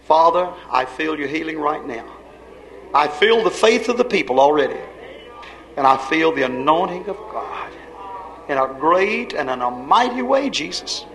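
A man's voice: on the high side, animated, moderate pace, a little hiss or hum. A man preaching and praying at a live church service, urging the congregation in fervent call-and-response. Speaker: preacher leading worship. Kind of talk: revival sermon and prayer. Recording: echoey hall, loud music behind.

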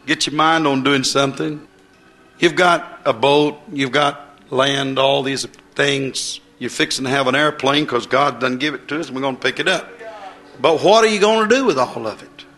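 A man preaching a sermon in a folksy, excitable way, swinging between loud bursts and soft asides. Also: medium pitch, normal speed.

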